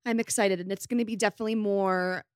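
A young woman in her twenties hosts a casual podcast, talking in a chatty, upbeat way with a light valley-girl lilt. Her voice sits at an ordinary pitch for a woman. It is recorded close and dry, with no room sound. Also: fairly even intonation, fast talker, dry recording. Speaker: podcast host.

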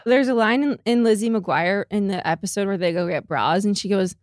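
A woman's voice: mid-range voice, a little fast, few pauses, no room sound, clean studio sound. A woman co-hosting a podcast in casual chat, enthusiastic and given to melodramatic reenactments of quotes. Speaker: podcast co-host.

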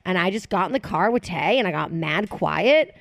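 A woman guest in a casual podcast chat in an apartment, giggly and animated, telling stories dramatically. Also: on the low side, moderate pace, vocal fry, no room sound.

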